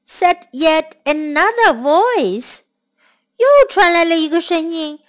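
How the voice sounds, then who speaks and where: Woman storyteller for kids, high, lively voice, slow and clear reading. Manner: expressive, slow and clear for children. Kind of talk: bilingual children's story reading.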